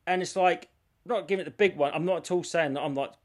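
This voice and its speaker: Animated man telling stories. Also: fairly high pitch, fast talker. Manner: animated storytelling, swears freely. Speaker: podcast co-host. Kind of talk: casual chat.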